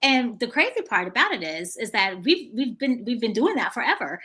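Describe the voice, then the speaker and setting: A woman hosting a podcast interview, telling stories in a lively way and acting out the dialogue. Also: fairly high pitch, fairly quick, slightly rough. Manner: animated storytelling, acting out dialogue. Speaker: podcast host. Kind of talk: casual conversational interview.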